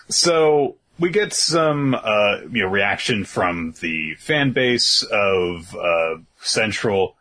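A man's voice: on the low side, lively intonation, drawn-out words, hardly any pauses, sharp tone. A man co-hosting a podcast, talking in a laid-back, rambling way with lots of fillers and chuckles. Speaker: podcast co-host. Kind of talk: casual podcast recap chat.

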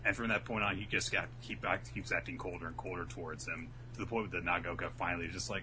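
A man chatting casually and rambling through a story recap, acting out quotes in quick voices. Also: deep voice, steady tone, noisy background. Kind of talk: casual chat recapping a manga.

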